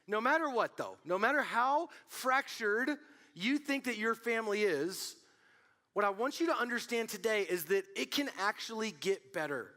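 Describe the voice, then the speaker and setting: A young man preaching a casual youth sermon, telling stories with lots of fillers and an animated delivery. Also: high voice, normal speed. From Colorado. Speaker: youth pastor.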